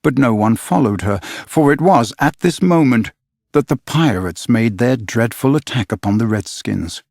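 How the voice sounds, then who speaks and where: A man's voice: mid-range voice, vocal fry, dry recording. Man narrating a storybook, dry sound. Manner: measured storytelling, expressive. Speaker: audiobook narrator. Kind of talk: scripted narration.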